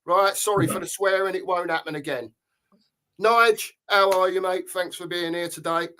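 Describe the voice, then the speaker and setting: A man's voice: high voice, steady tone, normal speed, pushed and bright, a little hiss or hum. A man hosting a casual football chat, ranting angrily and swearing. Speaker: podcast host.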